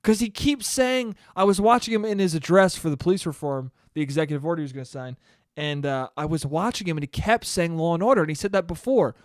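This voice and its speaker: A man's voice: on the high side, fast, dry recording, clean studio sound. A young man hosting a solo podcast, rambling and joking with lots of swearing. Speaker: podcast host. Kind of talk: solo casual podcast rant.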